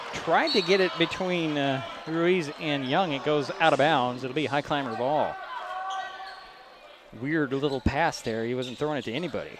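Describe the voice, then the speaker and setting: A man giving brisk, chatty play-by-play of a high school basketball game, rising at big plays. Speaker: play-by-play announcer. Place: school gym. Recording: gym noise behind broadcast mic.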